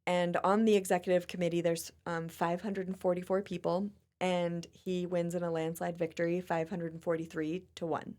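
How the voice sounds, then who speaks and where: A woman hosting a podcast in a chatty, expressive, casual way. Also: on the low side, normal speed, hardly any pauses. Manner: chatty and expressive, often laughing. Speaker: podcast host. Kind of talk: casual chat.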